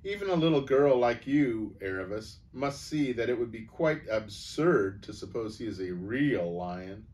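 A man's voice: medium pitch, lively intonation, measured pace, darkish tone, natural voice. A man voicing a proud, boastful male talking horse who lectures pompously, in a storybook read-aloud. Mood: lecturing, pompous.

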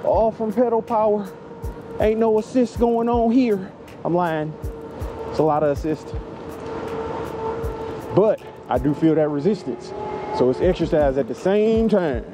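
A man with a fairly high voice vlogs while riding a bike outdoors, joking at his own expense in easy slang. Background music plays clearly beneath his voice. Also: measured pace, pauses often. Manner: joking, self-mocking, loose slang. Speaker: moto vlogger. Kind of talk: casual ride vlog. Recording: music playing under outdoor ride audio.

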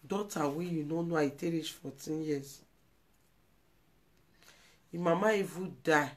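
Hosting a live video, a Nigerian woman speaks in a deep voice at a measured pace, leaving long pauses. Her live-stream commentary is emotional and pleading, full of repetition.

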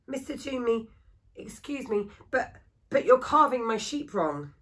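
A woman voicing an eager, polite seven-year-old boy who pleads and chatters brightly. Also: fairly high pitch, expressive, unhurried, voice pushed up.

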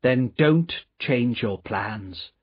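A calm, resolute gentleman from a storybook, speaking slowly and smoothly, as a man voices him. There is a slight huskiness, and the dry sound is a little dull. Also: fairly high pitch, dry recording, exaggerated voice. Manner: calm, measured, slow.

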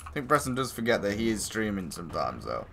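A man's voice: on the low side, big pitch swings, quick pace, creaky, noisy background. A man streaming a shooter game, chatting casually with a friend and teasing him with frequent swearing. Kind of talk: casual gaming chat.

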